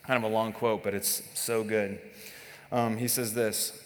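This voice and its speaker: A man's voice: fairly low pitch, level tone, measured pace, in a large hall, a little hiss or hum. A man preaching a sermon to a congregation, in a conversational, joking way with many restarts and fillers. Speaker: pastor. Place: church service.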